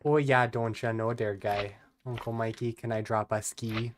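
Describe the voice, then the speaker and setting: A man's voice: mid-range voice, fairly even intonation, normal speed, a little hiss or hum, close to an everyday voice. A man putting on a folksy guy. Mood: teasing. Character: joking Upper Midwest man, folksy and chummy.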